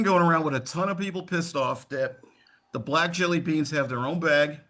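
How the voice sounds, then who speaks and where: A man's voice: on the high side, normal speed, a bit bright. A man, co-hosting a podcast in laid-back casual chat, often calling others "man". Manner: laid-back, calls people man, storyteller. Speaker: podcast co-host.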